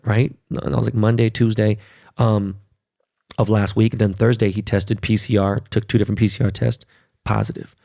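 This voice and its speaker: Middle-aged male podcast host with a gravelly voice; he rants in a casual, profane, emphatic way. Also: fairly low pitch, flat delivery, brisk, mellow, dry recording, clean studio sound. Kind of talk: casual monologue.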